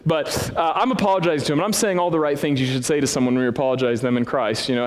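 A man preaching as a pastor, telling a self-deprecating story with big swings in pitch. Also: very fast. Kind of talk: sermon. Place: church hall with a congregation. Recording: long reverb of a church hall.

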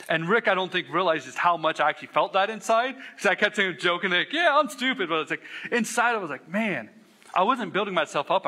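A man's voice: on the high side, bright, forceful tone. A man pastor preaching a sermon, telling a candid, self-deprecating story with earnest emphasis. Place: church sanctuary.

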